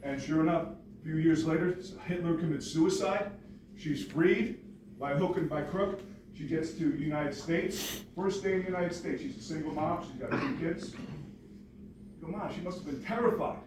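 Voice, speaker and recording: A man's voice: on the high side, moderate pace, far from the mic, background noise. Man telling his story in an echoey hall. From New York. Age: 40s. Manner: lively, joking, storytelling. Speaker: motivational speaker. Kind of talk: storytelling speech to an audience. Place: large hall with audience.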